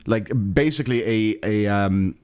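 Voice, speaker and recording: A man's voice: fairly low pitch, unhurried, clean tone. A man co-hosting a podcast, giving opinionated, joking rants in casual chat. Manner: opinionated, joking, lively ranting. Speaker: podcast co-host.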